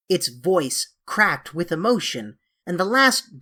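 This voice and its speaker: In a lowish, slightly breathy voice, a woman narrates a classic children's novel as an audiobook, keeping her storytelling measured yet expressive.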